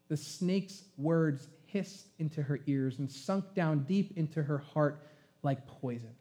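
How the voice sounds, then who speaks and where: A man's voice: on the high side, takes it slowly, dark tone. A man who is a pastor, preaching a sermon in an emphatic, conversational way and asking the congregation questions.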